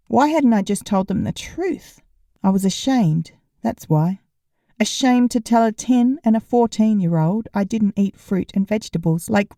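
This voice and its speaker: Wry, mellow woman narrating a novel. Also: mid-range voice, no echo, studio quality. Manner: wry, deadpan storytelling. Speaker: audiobook narrator. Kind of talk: first-person fiction narration.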